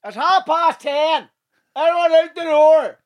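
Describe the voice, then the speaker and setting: A man voicing a gruff, angry male barman, snapping and cursing. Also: very high-pitched, a little slow, no room sound, dull audio, voice pushed up. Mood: barking.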